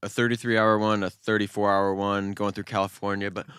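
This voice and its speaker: A young man co-hosting a podcast in easy, casual chat, with a low, smooth, resonant voice. He jumps in with stories and ribs his friends. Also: flat delivery, a bit bright, no room sound, clean studio sound. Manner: chatty, teasing, quick to tell stories. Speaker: podcast co-host.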